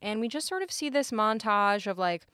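A woman's voice: mid-range voice, expressive, normal speed, heavy background noise. Chatty young woman recapping a movie. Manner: chatty, fillers of "like", acts out quotes. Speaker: podcast co-host. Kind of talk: casual movie recap chat.

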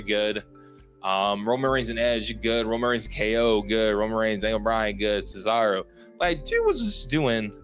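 A man hosting a solo podcast in casual chat, rambling with lots of fillers and quick apologies. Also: lowish voice, a bit bright. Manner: rambling and self-interrupting, heavy on fillers and apologies. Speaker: podcast host.

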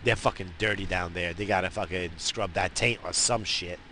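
A man's voice: deep voice, normal speed, slight background noise. A man ranting casually and profanely from inside his car, rambling from one thought to the next. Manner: profane, rambling, animated rants. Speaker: vlogger. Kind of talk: rambling stoned casual chat. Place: in a parked car.

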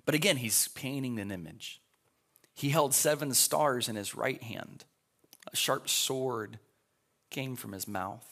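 Gravelly-voiced pastor teaching Sunday school. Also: male voice, mid-range voice, takes it slowly, pushed and bright. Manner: conversational, reads scripture aloud and explains it. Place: live class in a church.

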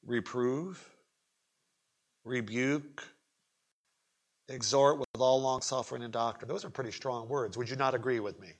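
A man preaching a sermon at a church pulpit, swinging from quiet asides to shouted emphasis, with folksy humor and questions to the congregation. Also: mid-range voice, steady tone, measured pace, pauses often. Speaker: pastor. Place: church sanctuary.

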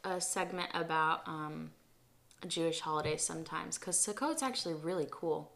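A woman's voice: sits low, moderate pace, vocal fry, a bit bright, a little hiss or hum. A woman co-hosting a podcast in casual chat, chiming in often. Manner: chatty, interjects often. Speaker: podcast co-host.

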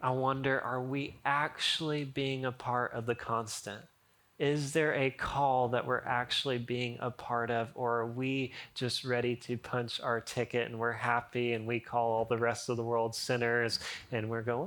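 A man's voice: mid-range voice, level tone, normal speed, fairly bright tone. Joking, conversational male pastor preaching. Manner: humorous, conversational, reads scripture aloud with rising energy. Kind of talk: sermon.

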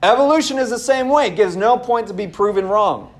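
A high-pitched young man preaching a sermon as pastor of his church. He talks earnestly and conversationally, turning to his listeners with casual asides. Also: expressive, fairly quick.

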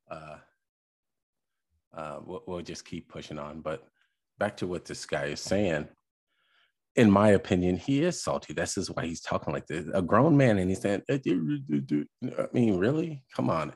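A man hosting a podcast, reacting to a video in casual commentary, exasperated and halting with fillers. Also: low-pitched, husky.

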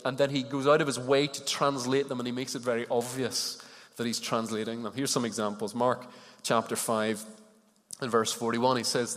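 A man delivers a sermon in an easy, conversational style and often turns questions to the people listening. His voice sits at a middle pitch and trails off into the long echo of a large church hall. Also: a bit bright. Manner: conversational, asks the congregation questions. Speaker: preacher.

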